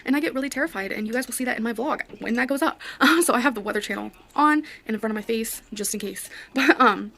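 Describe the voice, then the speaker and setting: A woman's voice: fairly high pitch, fast, gravelly, hardly any pauses, fairly bright tone. A woman vlogger talking casually to her viewers and reading her notes aloud, apologetic and chatty. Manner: apologetic, chatty, giggly asides.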